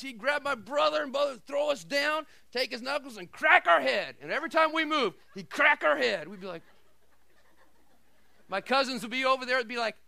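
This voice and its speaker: A middle-aged pastor preaches a sermon in a very high, creaky voice at normal speed, telling stories with animated swings between shouted lines and quiet asides. The recording has no room sound.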